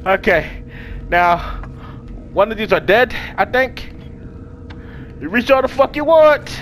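A man giving casual let's play commentary, swinging from hushed muttering to yelling and talking to the game characters with slang and swearing. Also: sits high, expressive, takes it slowly, soft background music. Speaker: gaming video creator.

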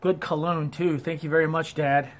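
Slightly high-voiced man with an Ohio accent, chatty, self-deprecating shaving vlogger. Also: flat delivery, moderate pace. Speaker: wet shaving YouTuber. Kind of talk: casual product review. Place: porch at home.

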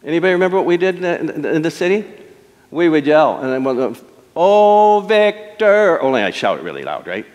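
Middle-aged preacher guy, lively swooping voice, long reverb like a big sanctuary. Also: a little high. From Detroit. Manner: storytelling preacher, dramatic pauses and emphatic swells. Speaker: pastor. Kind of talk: sermon. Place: church sanctuary. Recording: long church hall reverb.

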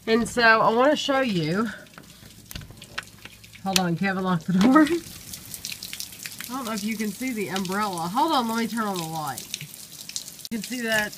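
A woman's voice: mid-range voice, lively intonation, moderate pace, pauses often, background noise. Woman, mom vlogger, sing-song baby talk, handheld camera at home. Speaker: vlogger and mother. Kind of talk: casual home vlog. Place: home, indoors and at the back door.

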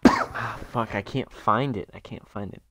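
A man's voice: mid-range voice, huge pitch swings, a little slow, noisy background. A young man chatting on a gaming stream, swearing a lot and getting flustered. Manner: swearing, rowdy, easily flustered. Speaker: stream guest. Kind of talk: casual gaming chat.

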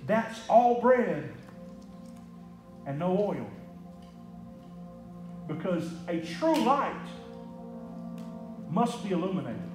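A high-voiced man preaches in a roomy church, the sound ringing off the walls. Music plays clearly under his words. He moves between hushed, close lines and loud, fervent calls. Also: very animated, very slow, pauses often. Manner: dynamic preaching, swings from hushed to shouting. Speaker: pastor. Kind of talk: sermon. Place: church sanctuary. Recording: echoey church hall with music behind.

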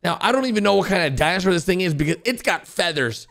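A young man giving excited reaction commentary on animated videos, with an exclamatory, animated way of talking. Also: high voice, quick pace, creaky. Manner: animated, exclamatory, frequent gasps and laughs. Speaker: gaming YouTuber reacting to animations.

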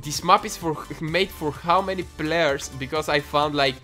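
A British man hosting a casual game session with friends, playful and quick to giggle and joke. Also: on the high side, sharp tone, soft background music. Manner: playful, giggly, jokes around. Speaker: host playing a game with friends. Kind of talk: casual gaming chat.

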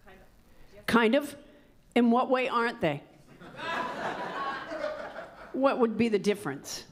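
A middle-aged woman doing stand-up, chatting with the crowd in a wry, halting way that keeps interrupting itself. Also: a little high, expressive. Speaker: stand-up comedian hosting. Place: comedy club stage. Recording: live club with audience. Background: crowd laughter.

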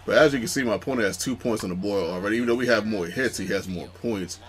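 A young man hosting a gaming channel, chatting in a calm, rambling way with many fillers during gameplay commentary. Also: fairly low pitch, fast talker.

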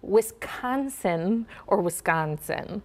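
A woman accent coach with a Minnesotan accent, chatting in an interview, laughing often and modeling sounds slowly. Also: mid-range voice, expressive. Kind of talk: casual interview, demonstrating accents.

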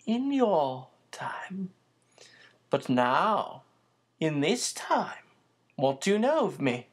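Soft-spoken old magician guy done by the reader, slow formal words, quiet authority, voice swoops around a lot. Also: medium pitch, sing-song, husky, heavily acted. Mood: calm, commanding. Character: old male magician shopkeeper, soft, commanding.

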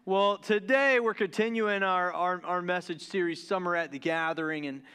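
A man from the Deep South, preaching a casual, joking sermon to his church and tripping over his words in his excitement. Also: moderate pace, smooth. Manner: joking, excitable, stumbles and restarts. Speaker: pastor. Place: church sanctuary.

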